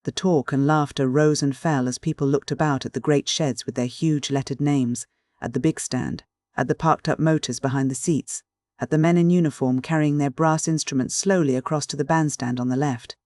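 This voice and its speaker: Brief: measured classic-novel audiobook narrator, mid pitch, dry close-miked sound. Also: steady tone, a little mellow, no echo. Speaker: audiobook reader.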